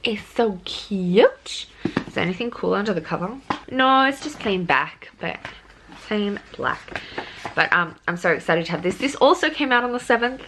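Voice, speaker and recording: A woman's voice: medium pitch, expressive, normal speed, background noise. A young Australian woman chatting casually about new books for her vlog, rambling with plenty of ums and restarts. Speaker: book vlogger. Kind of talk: casual book haul vlog.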